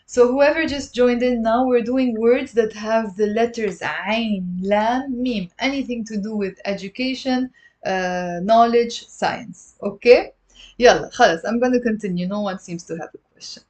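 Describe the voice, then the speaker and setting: A woman teaching a live-streamed language lesson, patiently repeating words slowly for her learners. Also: fairly high pitch, a little mellow, dull audio. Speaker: Lebanese Arabic teacher. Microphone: livestream camera mic.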